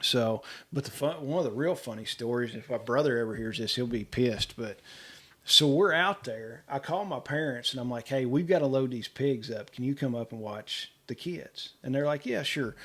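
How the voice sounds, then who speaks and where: A middle-aged man, telling animated stories about his homestead and acting out the people in them. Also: medium pitch, normal speed. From Kentucky, US. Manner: animated, quotes people in dialogue, laughs often. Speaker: homesteader guest. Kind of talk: casual storytelling.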